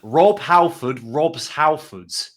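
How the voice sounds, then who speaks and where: A man's voice: fairly high pitch, lively intonation, slow pace, a little hiss or hum. A man co-hosting a casual podcast, reading out band descriptions with frequent ums and asides. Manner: reads out band blurbs with many ums and asides. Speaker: podcast co-host.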